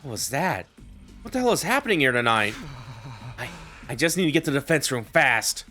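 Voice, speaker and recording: A man's voice: mid-range voice, big pitch swings, fairly quick, pushed and bright, soft background music. A man streaming a game, muttering anxiously to himself and reading the story aloud. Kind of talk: casual gameplay commentary and read-aloud.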